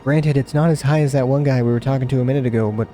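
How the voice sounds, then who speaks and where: A man's voice: mid-range voice, steady tone, rapid-fire, warm tone, faint music behind. A man giving casual let's play commentary, rambling and joking at his own expense. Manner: joking, rambling, self-mocking.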